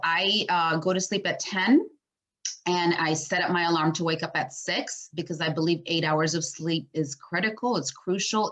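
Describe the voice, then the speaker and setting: A woman's voice: on the low side, a bit bright. A woman presenting a wellness workshop in a casual teaching style, chatty and full of fillers, sometimes acting out her own thoughts.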